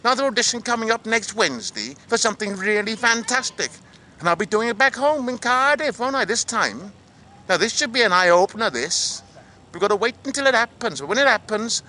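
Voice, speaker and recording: Man doing a Welsh actor from Cardiff, rambling vlog chat, high lively voice, bright tone. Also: slight background noise, poor audio. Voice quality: chatty, rambling updates. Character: chatty male actor from Cardiff in London. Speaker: vlog host. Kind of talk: comic spoof vlog.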